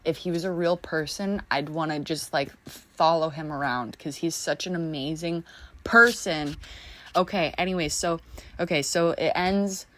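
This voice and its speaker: Young woman, vlogger, casual chat while drawing, rambling, lower pitch, dry room. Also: steady tone, measured pace, a bit bright, dry recording. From United States. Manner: rambling, full of "like" and restarts.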